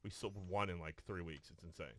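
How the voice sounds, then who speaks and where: A man co-hosting a podcast in a studio tells a profane story in casual chat, restarting often and acting out quotes. His voice sits low with fairly even intonation, he speaks a little fast, and there's no echo.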